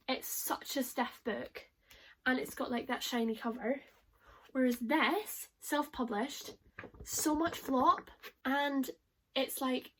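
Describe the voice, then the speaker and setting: A young woman vlogging about books in a chatty, excitable way, laughing often. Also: on the high side. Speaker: book vlogger. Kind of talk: casual chat to camera.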